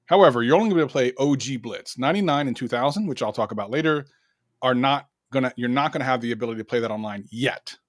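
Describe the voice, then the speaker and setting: A man's voice: mid-range voice, very fast, no echo. A man co-hosting a casual podcast, talking in a chatty, rambling way with many fillers. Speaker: podcast co-host, arcade content creator.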